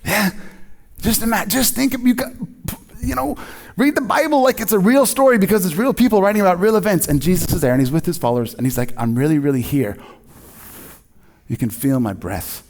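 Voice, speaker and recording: Animated man preaching a casual sermon. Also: high voice, fast, gravelly. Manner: conversational, animated, jokey preaching. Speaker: pastor.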